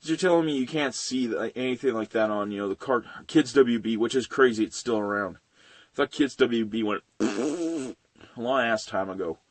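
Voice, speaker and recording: A young man reviewing animated films in a profane, ranting style, swearing often and venting at studios. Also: mid-range voice, normal speed, no echo. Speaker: video reviewer.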